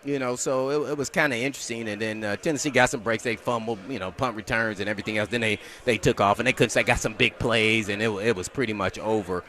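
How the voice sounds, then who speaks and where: A man's voice: fairly low pitch, fairly even intonation, fast, hardly any pauses, bright, forceful tone. A man co-hosting a sports radio show in casual chat, rambling and repeating his words.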